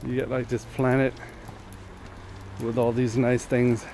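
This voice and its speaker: A man talks to his camera while he walks through town streets outdoors. His pitch sits in the middle range. He rambles and muses aloud, with loose asides and casual swearing, and faint street sounds are heard behind him. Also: level tone, a little slow, warm tone, slight background noise. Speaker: vlogger on a long walk. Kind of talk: casual walking vlog monologue.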